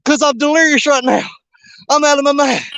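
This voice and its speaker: A man hosting a fishing show outdoors, talking in an excited, breathless, rambling way. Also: very high voice, fairly quick, creaky. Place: outdoors by a river.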